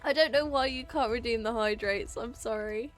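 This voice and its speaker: A woman's voice: on the high side, moderate pace, soft background music. A woman chatting casually to her viewers on a live game stream, giggling now and then and talking straight to chat.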